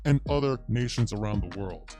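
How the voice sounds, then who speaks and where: A man delivering prepared political commentary in a measured, scripted way. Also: on the low side, expressive, warm tone.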